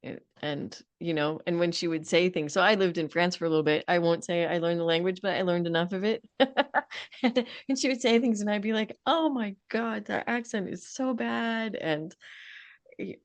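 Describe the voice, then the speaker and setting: Woman podcast host, somewhat low and earnest, talkative; dry close sound. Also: fairly even intonation, fairly quick, no room sound. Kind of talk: casual interview chat.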